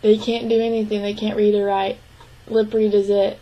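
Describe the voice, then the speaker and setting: A young woman interpreting a signed interview into spoken English, speaking in short, halting phrases with restarts and frequent throat clearing. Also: medium pitch, level tone, mellow, muffled recording. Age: young adult. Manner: clears her throat often. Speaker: sign language interpreting student.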